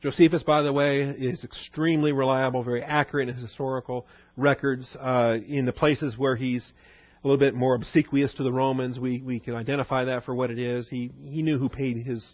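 A man's voice: medium pitch, little pitch movement, fairly quick, dry recording. A man giving a conversational Bible study lecture as the teacher, often asking his listeners questions. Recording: dull dry recording.

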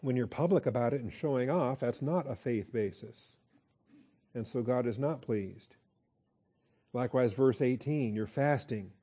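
A man leads a verse-by-verse Bible study in a warm, mellow voice. He talks conversationally, checking in with his listeners and slowing down to repeat key points. His pitch sits in the middle range. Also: slightly rough. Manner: conversational, with frequent "okay?" check-ins and slow emphatic repeats. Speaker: pastor.

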